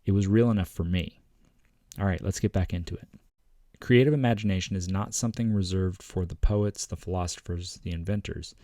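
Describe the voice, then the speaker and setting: A man hosting a self-help channel, reading passages from a book in a measured, earnest way and adding his own commentary. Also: low-pitched, warm tone, no echo, clean studio sound.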